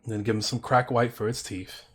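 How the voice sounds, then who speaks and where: A man streaming as he paints, in a quiet, gentle painting-show parody with deadpan dark jokes. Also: mid-range voice, a little fast. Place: home streaming setup.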